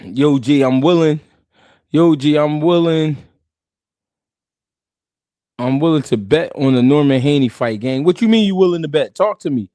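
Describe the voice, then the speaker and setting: Male live streamer, high voice, animated slangy chat, dry close sound. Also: normal speed, long pauses, no echo.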